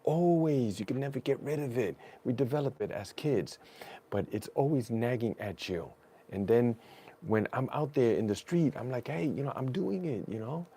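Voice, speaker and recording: A man talking as a guest in a casual conversation, animated and storytelling, offering spiritual encouragement. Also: medium pitch, moderate pace.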